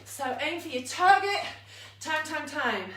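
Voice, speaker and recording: A woman leads an online workout class from home, cheerful and laughing at herself as she counts down each round. Her high, bright voice is slow and out of breath. It sounds roomy and a little distant from the mic. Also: animated, a little hiss or hum. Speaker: fitness instructor. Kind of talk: live online exercise class.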